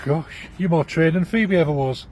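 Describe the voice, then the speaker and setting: Man, high sing-song coaxing voice, outdoors with faint birds behind. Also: normal speed, a little mellow, a little hiss or hum. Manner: coaxing, sing-song baby talk to animals. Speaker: bird park visitor. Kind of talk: casual chat to birds. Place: outdoor bird park. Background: faint birdsong and outdoor ambience.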